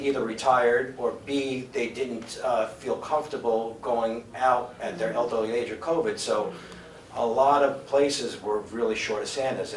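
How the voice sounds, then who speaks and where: A man's voice: medium pitch, a little hiss or hum. A man giving an earnest, filler-laced acceptance speech for his radio news team. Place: banquet hall. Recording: echoey hall, distant mic.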